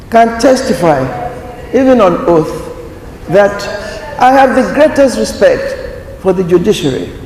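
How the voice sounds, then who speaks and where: A man giving a formal prepared speech at a conference, slow and deliberate, stressing key words. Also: sits high, darkish tone, a little hiss or hum. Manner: slow, deliberate, emphatic delivery. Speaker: conference speaker. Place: large conference hall. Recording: echoey hall, faint ambience.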